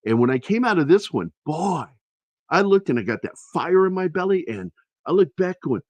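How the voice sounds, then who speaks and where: A man's voice: on the high side, sing-song, moderate pace, a little mellow, no echo. A man hosting a podcast, telling personal stories in a candid, rambling, foul-mouthed way. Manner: candid, rambling storyteller, swears freely. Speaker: podcast host. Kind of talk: casual chat.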